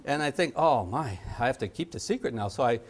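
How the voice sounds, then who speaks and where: A man's voice: medium pitch, fairly quick. A middle-aged man teaching a parenting training session, joking and acting out little scenes as he goes. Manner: animated, jokey, acts out little scenes and sound effects. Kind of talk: lively training lecture.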